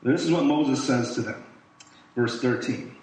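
Casual preacher in an echoey room. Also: male voice, mid-range voice, unhurried, darkish tone, far from the mic, slight background noise. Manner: casual, talks to listeners, acts out quoted voices. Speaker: pastor. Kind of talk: sermon, reading and retelling scripture.

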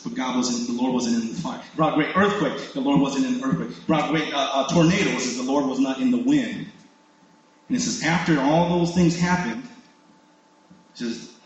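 Man preaching, casual sermon, slightly high voice, very echoey room, faint background hum. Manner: conversational, asks "right?" often, repeats words. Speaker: pastor.

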